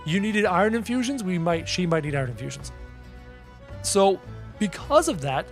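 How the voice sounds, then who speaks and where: Man, game streamer, casual live chat, projecting energetic voice, slightly high pitch. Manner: projects his voice, loud and energetic.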